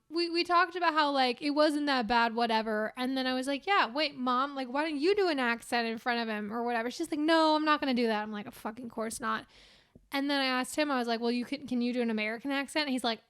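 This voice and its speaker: A young woman co-hosting a podcast, telling animated stories in casual chat with lots of swearing and laughter. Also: sits high, fast talker, smooth. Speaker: podcast co-host.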